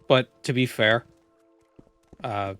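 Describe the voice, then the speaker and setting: A man's voice: mid-range voice, steady tone, takes it slowly, a bit bright, clean tone, no echo, faint music behind. Chatty male streamer musing during gameplay. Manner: musing, chatty, trails off and restarts. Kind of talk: casual gameplay commentary.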